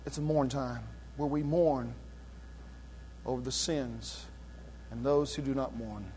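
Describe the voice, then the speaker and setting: A man preaching a sermon as pastor, dropping to low, slow lines and then surging into loud, quick bursts with drawn-out emphasis. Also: steady tone, slight background noise.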